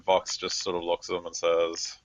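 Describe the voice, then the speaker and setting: A man narrating as game master of a tabletop role-playing game, relaxed and rambling with many fillers. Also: deep voice, moderate pace, low-quality recording.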